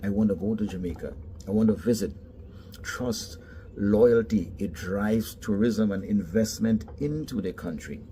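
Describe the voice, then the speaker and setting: A man's voice: lowish voice, unhurried, mellow, a little hiss or hum. A man from the Caribbean with a Caribbean English accent, telling stories emphatically in a casual monologue.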